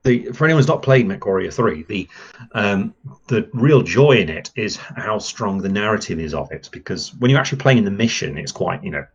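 A male podcast guest chats enthusiastically and rambles through a casual conversation, using lots of fillers. His voice is on the low side, husky, animated, and brisk, and the sound is lo-fi.

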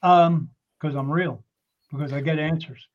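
Man telling animated stories, muffled. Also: fairly high pitch, unhurried. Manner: animated anecdote-telling, acts out quoted voices. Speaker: psychic guest. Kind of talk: casual storytelling. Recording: muffled lo-fi sound.

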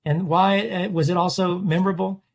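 A man's voice: high voice, fairly even intonation, normal speed, creaky. A man, a portrait artist, chatting casually in an interview and rambling through stories with frequent restarts. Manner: rambling, self-correcting storyteller.

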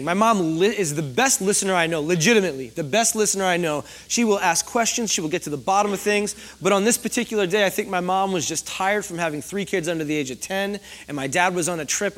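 A young man preaching a sermon to a congregation, chatty and storytelling, often asking the room questions. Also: sits high. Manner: conversational, asks the congregation questions. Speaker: pastor. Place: church hall before a congregation.

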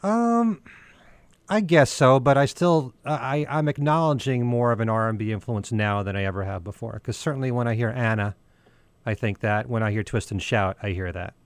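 A man's voice: mid-range voice, moderate pace, clear, resonant tone, no echo. A man who hosts a radio show, chatting about music and asking his co-host pointed questions. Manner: questioning, conversational. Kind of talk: casual music discussion.

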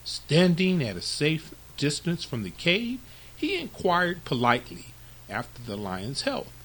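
A man hosting a storytelling podcast, reading fables to children with very expressive, lively narration. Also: on the high side, a little slow, slight background noise, poor audio.

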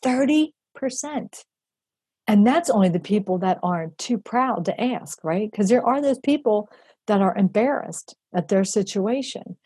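A middle-aged woman telling a personal story in an animated way, acting out the voices she quotes and using many fillers. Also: mid-range voice, a little slow, slightly rough, no room sound. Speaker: charity founder telling her story.

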